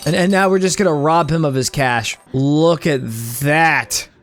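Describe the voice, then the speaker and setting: A young man doing comedic gameplay commentary, joking, stammering and repeating words, and bursting into loud squeals. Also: a little high, a little slow. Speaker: streamer.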